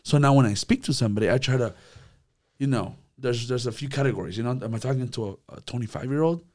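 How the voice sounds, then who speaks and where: Man, youth leader, casual church group talk, lively and animated. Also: medium pitch, quick pace. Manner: animated, acts out quotes, repeats words.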